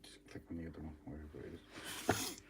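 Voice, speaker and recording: A man's voice: rumbling low, big pitch swings, brisk, gravelly. Easygoing man chatting. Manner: jokey, easygoing. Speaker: model railway vlogger. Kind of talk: casual chat while building.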